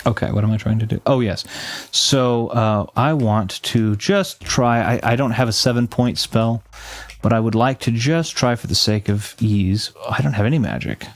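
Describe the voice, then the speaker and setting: A man's voice: mid-range voice, normal speed, a little hiss or hum. Rambling man streaming a game. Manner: rambling, frequent restarts and self-corrections; reads game text aloud between chatting with viewers. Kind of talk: casual gameplay commentary with live chat.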